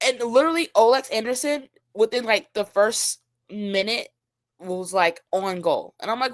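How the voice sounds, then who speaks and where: A woman co-hosting a casual sports podcast, ranting in an animated, exasperated way and swearing freely. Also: medium pitch, moderate pace, no room sound. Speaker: podcast co-host.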